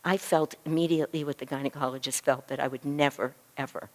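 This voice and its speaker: A woman's voice: low voice, fast. A middle-aged woman, a physician and spiritual teacher, telling a story to a class and acting out the dialogue. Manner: animated storyteller who acts out dialogue.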